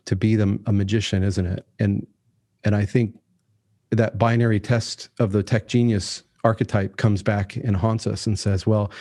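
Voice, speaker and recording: A man's voice: fairly low pitch, dark tone, dry recording, clean studio sound. A man in his forties, a guest on a podcast, talking casually and earnestly with many restarts and acted-out quotes. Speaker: podcast guest, author and tech founder.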